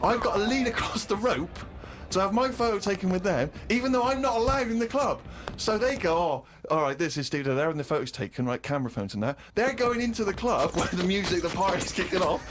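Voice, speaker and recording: Comic storyteller, higher voice, animated swoops, hiss behind, acts out others' lines. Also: male voice, fast talker, few pauses. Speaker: co-host of a comedy podcast. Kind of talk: self-mocking comic anecdote.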